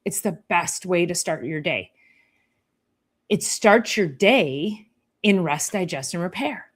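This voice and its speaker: A woman's voice: on the low side, expressive, slow pace, breathy edge. A woman chiropractor hosting a live health talk, chatting casually and acting out her patients with playful sing-song sounds.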